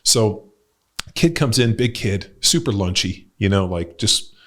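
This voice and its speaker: A middle-aged man hosts a podcast as a host and coach, rambling loosely through casual chat full of fillers and blunt swearing. His voice sits on the low side and sounds animated but unhurried.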